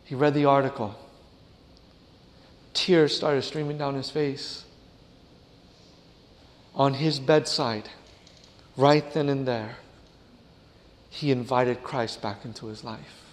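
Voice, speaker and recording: A male preacher telling a story in a sermon, dramatic, often dropping his voice to a hush for effect. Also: mid-range voice, fairly even intonation, slow pace, pauses often, in a large hall. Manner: dramatic, drops to a hush, addresses listeners as "friends".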